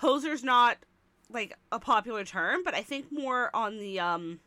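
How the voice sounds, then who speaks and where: Woman, Canadian, podcast co-host, bright, lively pitch, dry close sound. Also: a little slow, dry recording. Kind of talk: casual chat.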